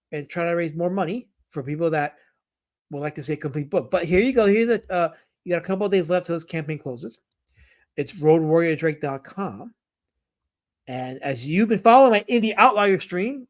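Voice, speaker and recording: A man live-streaming, reading chat comments aloud and talking about comics in an animated, jokey way. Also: fairly high pitch.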